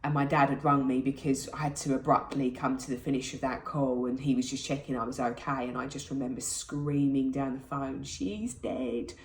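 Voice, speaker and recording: A woman's voice: very deep voice, level tone, fairly quick, few pauses, recorded from a distance. A British woman in her thirties, candidly and emotionally retelling a personal experience to camera. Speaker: vlogger. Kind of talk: personal storytelling. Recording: echoey room.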